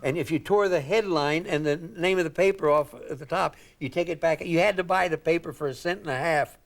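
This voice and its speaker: Brief: older male comedian, rambling anecdotal storyteller, lightly high voice. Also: brisk, vocal fry. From Indiana, United States. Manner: rambling and chuckling, acts out quotes. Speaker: guest comedian. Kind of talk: anecdotal talk-show storytelling.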